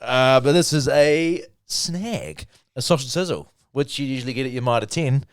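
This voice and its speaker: A man's voice: mid-range voice, normal speed, clear, resonant tone, no room sound, clean studio sound. A young man hosting a podcast in casual, jokey chat. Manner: jokey, laughing, rambling. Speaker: podcast host.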